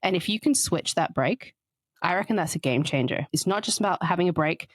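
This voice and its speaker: A woman with a low-pitched voice co-hosts a casual podcast chat. She explains ideas at length in a chatty, explanatory way. Her voice sounds dry and close, with no room echo. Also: lively intonation, fairly quick. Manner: explanatory, chatty, often reads out quotes. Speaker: podcast co-host.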